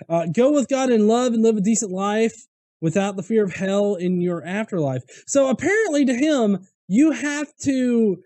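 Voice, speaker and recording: A man's voice: high-pitched, unhurried, dark tone, no room sound. A man hosting a casual commentary show, reacting to viewer comments in an irreverent way, swearing freely and laughing at his own points. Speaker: host.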